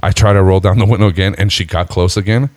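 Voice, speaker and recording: A man with a low voice spins a story in relaxed chat. He jumps up high whenever he acts out what people said, laughs a lot, and swears freely. The sound is close and dry. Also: fast talker, dry recording. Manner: animated storyteller, jumps high when acting out quotes, laughs often; swears freely, says "bro" and "dude". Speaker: podcast co-host telling a story.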